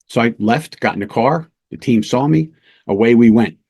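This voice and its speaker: A man's voice: mid-range voice, moderate pace, husky. Middle-aged man telling a police war story. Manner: lively anecdotes, acts out quoted voices, fillers and restarts. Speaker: police lieutenant teaching undercover work. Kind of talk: casual storytelling lesson.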